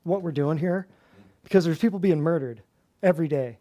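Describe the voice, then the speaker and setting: A man teaching a small audience, animated, quizzing them and joking as he goes. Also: a little high, brisk. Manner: animated, asks the audience questions, jokes and laughs. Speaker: natural health practitioner teaching a class. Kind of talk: lively lecture to a small audience. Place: office room with a small live audience.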